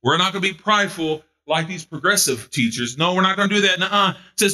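Fervent, bright-voiced male preacher. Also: high voice, fast, few pauses. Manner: fervent, building to loud exhortation; repeats phrases for emphasis. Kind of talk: sermon.

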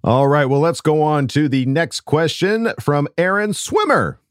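A man's voice: on the high side, lively intonation, a little slow, no room sound, clean studio sound. A man hosting a casual podcast, laughing often and reading out listener messages. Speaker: podcast host reading fan questions.

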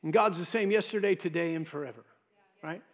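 A man's voice: fairly high pitch, a little fast. A male pastor preaching a sermon, emphatic and repeating words for stress.

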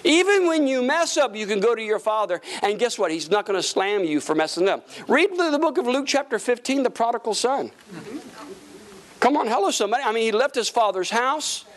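Male pastor, high voice, energetic folksy preacher working the room with call-and-response. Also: a little fast. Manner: folksy, humorous asides. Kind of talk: sermon. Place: church service with congregation.

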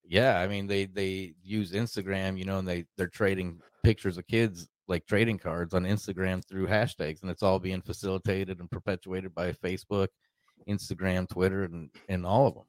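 A man's voice: sits low, fairly even intonation, moderate pace, no echo. A man from Arkansas telling a rambling, profane story in a casual podcast chat, acting out the voices of the people he quotes. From Arkansas, United States.

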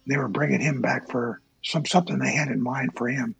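Gravelly, husky older man. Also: mid-range voice, fairly even intonation, a bit bright, poor audio. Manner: slow, halting recollection with many uh fillers. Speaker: interviewee, former Navy pilot. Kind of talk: oral history interview.

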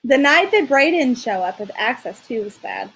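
A young woman chatting casually with a friend, her voice husky and breathy. Her high pitch swings widely as she talks, and she often trails off and starts her sentences over. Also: animated, moderate pace, fairly bright tone, low-quality recording. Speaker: podcast co-host. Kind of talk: casual chat.

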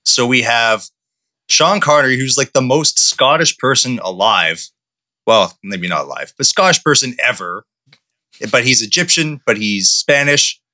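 A mid-pitched man with a fairly bright voice talks through a casual podcast chat. He pokes fun at a film's casting with incredulous, mocking humor. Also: animated, a little slow.

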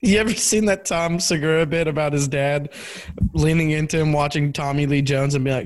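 A man's voice: a little high, fast talker. A man who is a comedian, a guest in a casual podcast chat, telling stories with animation and stumbling over his starts. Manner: stammers when starting, animated storyteller.

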